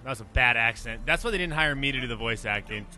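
A man's voice: mid-range voice, animated, fast, pushed and bright. Joking man commenting on gameplay. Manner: joking, chatty, talks back to game characters. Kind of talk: let's play commentary. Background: game music.

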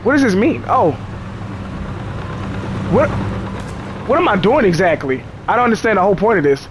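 Guy playing a game and talking to the characters, jokey, swears a lot, pretty high voice. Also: very animated, normal speed, pauses often, slight background noise. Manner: joking, profane chatter to the game characters. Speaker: gamer. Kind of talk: casual gameplay commentary.

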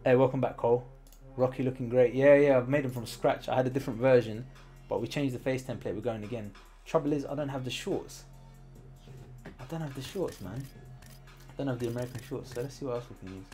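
A British man chats casually as he plays, at a middling pitch. He often sinks into a low mutter while he works. Faint music plays behind his voice. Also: brisk. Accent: British English. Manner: chatty, drops into quiet muttering while working. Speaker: gaming streamer. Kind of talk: casual commentary while playing.

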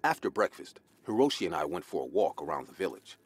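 A man reading a scripted horror story in the first person, in an even storytelling delivery. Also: low-pitched, fast, slightly rough. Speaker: narrator.

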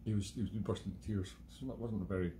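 A man's voice: on the low side, steady tone, quick pace, dark tone, slight background noise. Chatty Scottish man rambling to viewers. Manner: chatty, digressive, self-mocking humour. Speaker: host of a live-streamed music show. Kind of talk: rambling casual monologue. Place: at home.

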